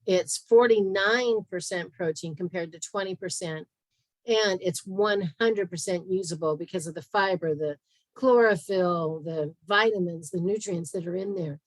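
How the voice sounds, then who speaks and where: Chatty woman, low voice, dry close sound. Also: unhurried, dry recording, poor audio. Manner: chatty, self-interrupting, with fillers and asides. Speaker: podcast host and health practitioner. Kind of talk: casual presentation over screen share.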